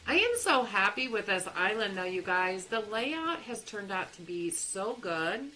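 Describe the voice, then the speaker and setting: A woman's voice: mid-range voice, lively intonation, unhurried, sharp tone, slight background noise, low-quality recording. A young woman with a Texas accent, chatting animatedly as she hosts a live game stream and laughs often.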